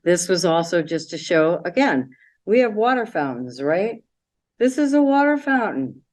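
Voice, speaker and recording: A middle-aged woman with a notably low voice talks through her travel slides in a loose, chatty way. She fills pauses with ums and lets sentences trail off as she clicks along. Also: very animated, a little mellow. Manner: chatty, with fillers, sometimes trailing off. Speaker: travel talk presenter. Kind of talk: casual slideshow talk. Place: library community room.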